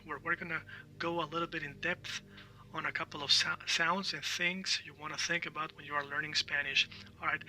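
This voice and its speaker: A man with a very bright, slightly high voice teaches an online language lesson. He explains step by step, repeats words for practice and keeps checking in with his listeners. He sounds a little far from the mic, with faint music underneath. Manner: explanatory, repeats words for drill, frequent "all right?".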